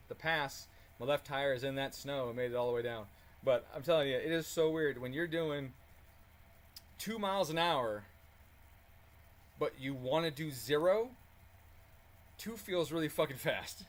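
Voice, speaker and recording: A man telling a story in a casual, animated way while working on a car, swearing freely and chuckling as he talks. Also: mid-range voice, moderate pace. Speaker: car tuning channel host.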